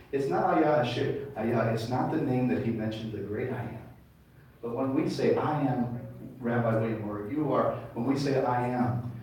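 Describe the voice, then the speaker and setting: A man's voice: mid-range voice, a little mellow, slight background noise. A man preaching a sermon as a rabbi, leading call-and-response with his congregation. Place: large congregation hall. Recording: echoey hall, mic far off.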